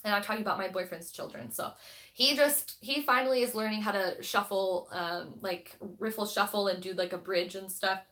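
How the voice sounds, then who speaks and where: A woman's voice: mid-range voice, normal speed, fairly bright tone. A woman hosting a spiritual live stream, chatting casually with viewers in a rambling, think-aloud way and reading passages aloud.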